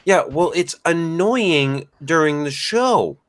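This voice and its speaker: A man's voice: fairly high pitch, animated, slow pace. A man hosting a podcast, swearing a lot and teasing his co-hosts in crude casual banter. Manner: profane, blunt, teasing. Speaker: podcast host.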